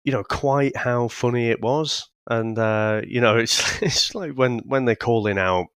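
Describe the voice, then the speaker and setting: A man's voice: medium pitch, measured pace, fairly bright tone, clear, resonant tone, dry recording, clean studio sound. Sweary man in casual review chat. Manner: sweary, laughs often, frequent restarts. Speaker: podcast co-host reviewing films.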